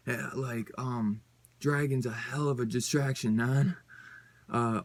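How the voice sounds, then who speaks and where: A man's voice: mid-range voice, fairly even intonation, a little slow, dry recording. A man giving a casual comic book review on his channel, rambling and loose, with lots of fillers and some swearing.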